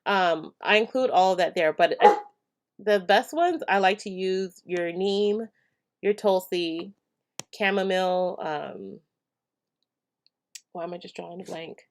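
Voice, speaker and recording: A woman's voice: fairly low pitch, unhurried, long pauses. A woman hosting a casual live stream, reading viewer comments and answering hair care questions in a chatty way with many fillers and frequent laughs.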